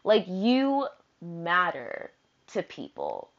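A woman's voice: on the low side, wildly swooping pitch, very slow. A young woman in a casual personal monologue, talking in an earnest, confiding way with lots of fillers, slang and swearing. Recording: dull lo-fi recording.

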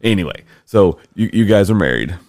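Deep gravelly man, lively storyteller. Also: fairly quick, dry recording, studio quality. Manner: animated, laughing, teasing storyteller. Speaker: podcast host interviewing his father. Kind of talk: casual chat.

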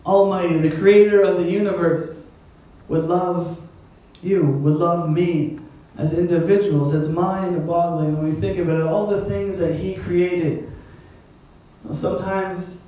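A male pastor delivers a sermon in a conversational style, dropping in wry, self-deprecating asides. His voice sits on the high side and has a warm tone. The mic is some distance away in an echoey hall.

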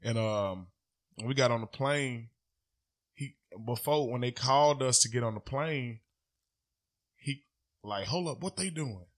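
A man co-hosting a casual podcast, telling a story in a loose, profane and animated way. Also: medium pitch, unhurried, pauses often. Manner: profane, animated storytelling, loud when riled. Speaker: podcast co-host.

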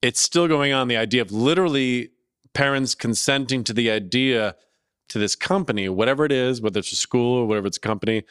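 A man's voice: mid-range voice, fast, smooth, no room sound, studio quality. Rambling, cursing man on a podcast. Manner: rambling, profane, loud bursts when excited. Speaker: podcast co-host. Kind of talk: casual chat.

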